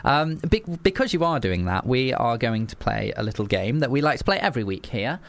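A man from England hosting a casual chat show, animated, laughing often and restarting his sentences. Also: mid-range voice, fairly quick, vocal fry. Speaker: podcast host.

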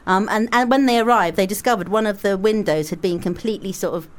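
Een Britse vrouw die in een ontspannen gesprek levendig en grappig anekdotes vertelt, vaak lachend en stemmetjes nadoend. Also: female voice, medium pitch, fast talker. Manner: animated, laughs often, acts out voices in her stories. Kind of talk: casual chat, comic storytelling.

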